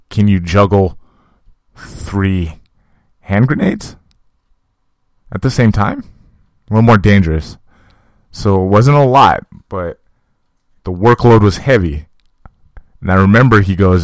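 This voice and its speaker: A man's voice: on the low side, a little slow, pauses often, no echo. A man, a fight coach, telling a story in a casual, profane, conversational monologue aimed at his listeners. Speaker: podcast host and fight coach.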